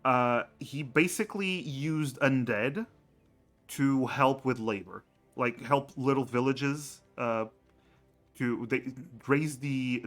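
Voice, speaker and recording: A man in the game master's seat, slowly walking his players through the lore of his world. He talks in a halting way, full of fillers and restarts, with his pitch sitting in the middle of the range. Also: fairly bright tone. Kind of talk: explaining campaign lore on a stream.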